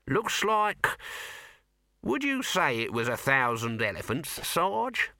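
A man's voice: fairly high pitch, wildly swooping pitch, slow, vocal fry, pushed and bright, dry recording, clean studio sound, voice pushed up, exaggerated voice. A man voicing a sly, scruffy male city watch corporal with slangy, raised speech.

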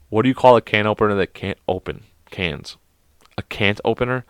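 A man's voice: fairly low pitch, normal speed, a bit bright, clean tone, no echo, studio quality. A man reading bad jokes aloud to his viewers, swearing a lot, laughing at the jokes and mocking himself. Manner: self-deprecating, exasperated. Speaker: video host.

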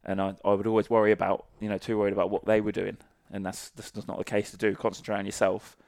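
A man with a low, gravelly voice recounts old training stories in a loose, profane, storytelling way. He is recorded close and dry, with no room sound. The interview is casual. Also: level tone, fast talker, darkish tone, no echo. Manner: salty, sweary anecdotal storytelling. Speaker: guest, former army sniper.

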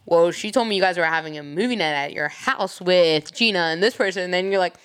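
A woman's voice: lowish voice, fairly quick, clean tone. A young woman co-hosting a podcast, blunt and profane, acting out the people in her stories. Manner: blunt, swears freely, acts out voices in her stories. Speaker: podcast co-host. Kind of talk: casual chat.

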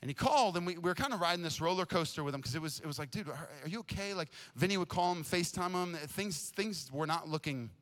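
A young adult man preaching a sermon as a pastor, telling a story in a casual, energetic way and often repeating words. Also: a little high, quick pace, hardly any pauses. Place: church stage.

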